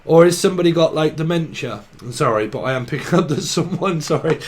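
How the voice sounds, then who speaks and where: A man's voice: fairly high pitch, expressive, fast. A man giving a loose, free-associating tarot reading, riffing on words and laughing at himself. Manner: free-associating wordplay, giggly asides. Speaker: tarot reader. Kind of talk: rambling tarot channelling monologue.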